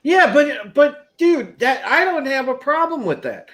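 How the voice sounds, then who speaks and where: A man's voice: extremely high pitch, big pitch swings, unhurried, a bit bright. A man co-hosting a live movie review, blunt and profane as he agrees and complains. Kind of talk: heated live review chat.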